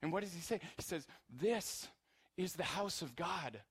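A man preaching a sermon in a fairly high voice. He drops to soft, low stretches and then climbs to loud, emotional peaks. His delivery is earnest and pastoral. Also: expressive, moderate pace, vocal fry, husky.

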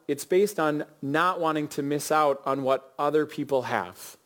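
A male pastor preaching a sermon, telling a story and asking his listeners questions. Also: a little high. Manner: earnest, storytelling, addresses the congregation with questions.

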